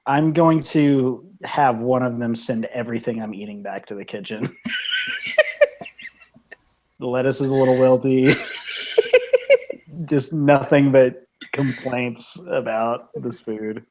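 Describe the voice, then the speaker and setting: A man's voice: mid-range voice, takes it slowly, pauses often, rough recording. A man who is a player in a tabletop role-playing game, chatting casually and complaining in a playful, mocking way. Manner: lively, mock-complaining. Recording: clicking noise in background.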